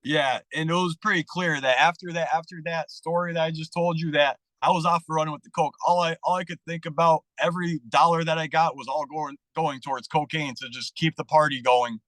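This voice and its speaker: A man telling his story as a podcast guest in a candid, profane, animated way. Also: a little high, brisk, few pauses, dry recording, low-quality recording. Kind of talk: casual storytelling interview.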